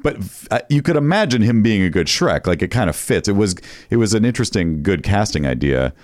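A man's voice: lowish voice, big pitch swings, brisk, a little mellow, dry recording. A man co-hosting a podcast in casual chat, telling stories and laughing easily. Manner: chatty, storytelling, laughs easily. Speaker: podcast co-host.

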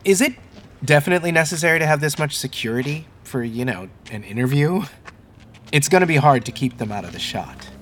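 A man's voice: on the high side, animated, brisk, fairly bright tone, slight background noise. Apologetic, chatty TV newsman.

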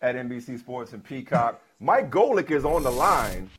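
A man's voice: mid-range voice, big pitch swings, slight background noise. A man hosting a sports talk show, introducing a guest with playful, teasing energy. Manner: playful, teasing, quick interjections. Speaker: host.

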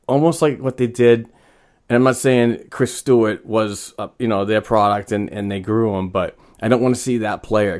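A man talking in casual sports chat, rambling and agreeable, with halting restarts. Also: mid-range voice. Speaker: podcast co-host.

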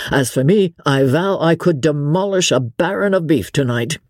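Hearty young lord, lively and exuberant, voiced by a woman reader. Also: deep voice, a little slow, dry recording, clean studio sound, pitched above the performer's own voice. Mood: jovial. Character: jovial young English lord, hearty and bold.

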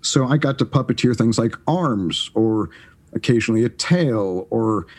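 Husky middle-aged man telling stories. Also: mid-range voice. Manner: animated, halting with restarts. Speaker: podcast guest. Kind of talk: casual storytelling.

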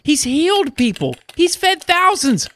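A man's voice: very high voice, sing-song, measured pace, fairly bright tone, a little hiss or hum, voice pushed up, heavily acted. A man voicing an eager young girl who begs and pleads in a Bible story for kids. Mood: pleading. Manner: eager, begging.

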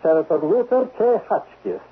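A man's voice: high voice, expressive, moderate pace, breathy edge. A man playing a stern foreign spy chief in a 1970s radio drama, clipped and formal. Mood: menacing. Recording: old radio broadcast, phone-like band.

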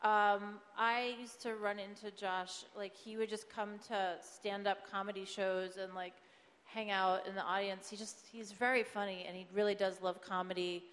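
A woman's voice: mid-range voice, level tone, normal speed, fairly bright tone. Rambling upbeat woman in a big hall. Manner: rambling, filler-heavy, upbeat. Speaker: comedy show panelist. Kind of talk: panel Q&A, casual talk.

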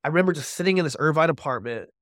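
A man as a podcast guest, telling his personal recovery story with animated storytelling and acting out his own quoted speech. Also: fairly high pitch, rapid-fire, dry recording, clean studio sound.

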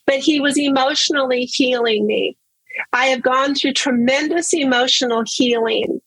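A woman's voice: high voice, normal speed, a bit bright, slightly rough, no echo, rough recording. A woman telling her personal story in casual conversation, earnest and open, often repeating words for emphasis. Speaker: guest sharing her story.

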